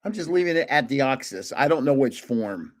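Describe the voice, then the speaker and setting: A man's voice: medium pitch, sing-song, moderate pace. An older man hosting a casual live stream, chatting and joking as he guesses card names aloud. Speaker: livestream host opening trading cards.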